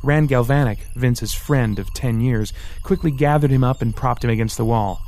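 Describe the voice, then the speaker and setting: A man narrating an audiobook in steady scripted storytelling. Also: mid-range voice, normal speed.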